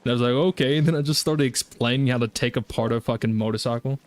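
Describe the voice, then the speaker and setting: A man's voice: mid-range voice, very fast. Chatty Southern US man, rambling. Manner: rambling, chatty, many fillers and restarts. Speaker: gaming streamer. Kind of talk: casual live-stream chat while gaming.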